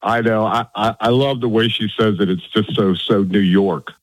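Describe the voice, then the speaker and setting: A man's voice: lowish voice, fairly even intonation, normal speed, no echo, rough recording. A man from Virginia with a Virginia accent, calling in to a radio show in a chatty, folksy way. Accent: Virginia, long O's. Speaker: caller.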